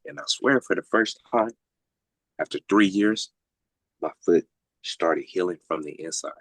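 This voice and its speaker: Unhurried and low-pitched, a man tells a drawn-out personal story in a casual way, with no echo present. He stays animated throughout, swearing freely and imitating the voices of those in the tale.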